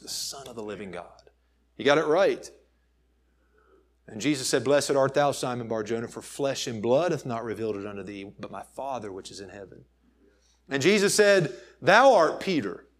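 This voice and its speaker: Male preacher, mid-pitched voice, emphatic pulpit delivery rising loud and dropping soft. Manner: emphatic preaching, swinging between loud and soft, slows to stress. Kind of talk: sermon. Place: church.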